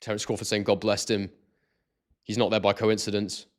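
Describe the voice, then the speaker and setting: A lowish-voiced man speaks at a moderate pace on his boxing live stream. Excitable and loose, he addresses viewers directly and keeps calling out names and messages from the chat.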